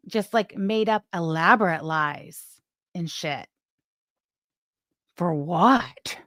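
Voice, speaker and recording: A woman's voice: lowish voice, animated, extremely slow, pauses often, a bit bright, dry recording, studio quality. A woman co-hosting a live stream, talking casually in a blunt, profane and scornful way. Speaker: co-host of a live commentary stream.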